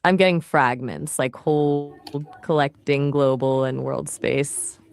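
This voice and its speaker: A woman's voice: a bass voice, steady tone, measured pace, creaky, no echo, clean studio sound. A woman's voice acting as an AI voice assistant in casual chat, chatty and polite, often asking follow-up questions.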